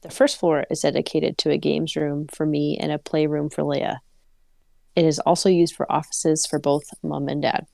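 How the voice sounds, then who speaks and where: A woman's voice: low voice, level tone, moderate pace, creaky, darkish tone, no echo. A woman co-hosting a casual podcast, reading a story aloud and breaking off to laugh and joke. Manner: reads prose evenly, breaks off laughing and joking. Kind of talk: casual read-aloud with chat.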